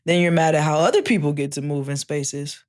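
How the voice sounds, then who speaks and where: A man's voice: fairly high pitch, a little fast. A man hosting a podcast, talking in a conversational way and backing up his guest with frequent affirmations. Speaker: podcast host.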